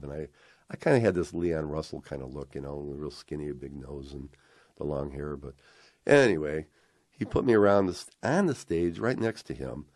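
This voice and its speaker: Very deep-voiced older man telling stories. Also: dry recording, clean studio sound. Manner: acts out dialogue, rambling and excited. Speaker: interviewee storyteller. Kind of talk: animated anecdote retelling.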